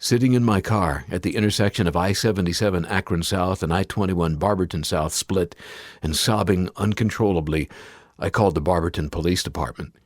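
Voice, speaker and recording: Male audiobook narrator, very low voice, dry close sound; first-person memoir read. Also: fairly quick, no room sound. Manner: acts out anguished quoted cries, rising to pleading.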